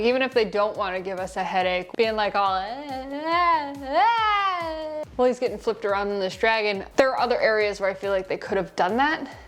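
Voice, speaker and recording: A woman reviewing a film in a casual, sarcastic, rambling way, recorded on a lapel mic in her shirt. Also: medium pitch. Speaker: movie reviewer.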